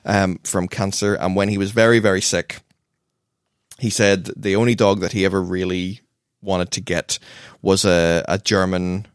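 A man with a low-pitched voice, chatting casually on a podcast. He tells long, rambling stories, swears now and then, and restarts his sentences. The recording is dry and close. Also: little pitch movement, normal speed, smooth, no echo. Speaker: podcast co-host. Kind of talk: casual chat.

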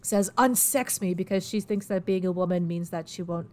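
A young woman casually retelling a story as a podcast host, irreverent and giggly, often slipping into quick character voices. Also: lowish voice, mellow.

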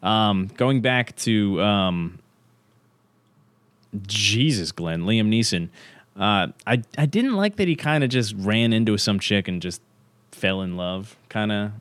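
A man's voice: lowish voice, expressive, slow, a bit bright, dry recording. A man co-hosting a film review podcast, chatting casually, swearing freely and laughing often. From United States. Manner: loose, profane, laughs often. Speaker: podcast co-host.

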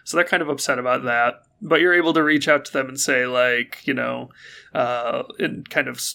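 Male game master, gravelly and bright, casual halting narration. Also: medium pitch. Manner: relaxed, hesitant with many fillers.

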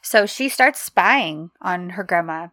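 A woman co-hosting a casual podcast, retelling plot points in a relaxed, giggly way. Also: lowish voice, slow pace, no room sound. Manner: giggly, relaxed storytelling with asides. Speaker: podcast co-host. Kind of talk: casual recap chat.

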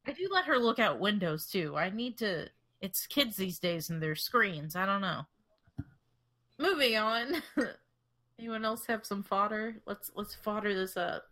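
Young woman, podcast co-host, desk mic, middle-pitched voice, rambling, laughing. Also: lively intonation, measured pace, pushed and bright. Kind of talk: casual chat. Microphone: desk microphone.

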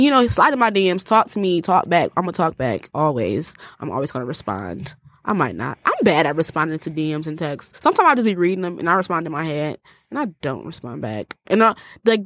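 A young woman, co-hosting a podcast and telling stories in an animated, laughing way. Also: deep voice, fairly quick, dry recording. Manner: animated storytelling with frequent laughter. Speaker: podcast co-host. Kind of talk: casual podcast chat. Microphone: podcast microphone.

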